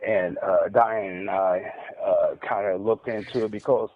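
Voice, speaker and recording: A man who stutters, telling a long rambling story over a phone call, halting and repeating his words as he goes. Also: lowish voice, steady tone, slight background noise. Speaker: caller recounting an interrogation. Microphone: phone handset. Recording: tinny dry phone line.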